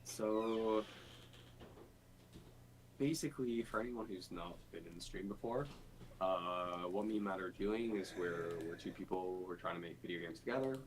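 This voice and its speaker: A man's voice: sits low, moderate pace, a little hiss or hum, rough recording. A man streaming game development, thinking aloud in a casual, rambling way with lots of fillers. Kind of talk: casual dev stream chat.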